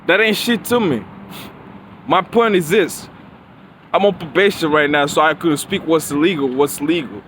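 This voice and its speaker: A man's voice: a little high, moderate pace, a bit bright, a little hiss or hum, rough recording. A man rambling through a profane, repetitive monologue into his phone outdoors. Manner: profane, rambling, repeats himself.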